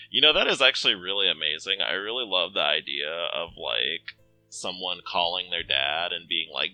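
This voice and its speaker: A young man with a very deep, gravelly voice hosts a let's play, reading game text and breaking off into jokey commentary. His tone is bright and forward, and he curses casually. Soft music plays faintly behind him. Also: normal speed, poor audio. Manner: animated, joking, swears freely.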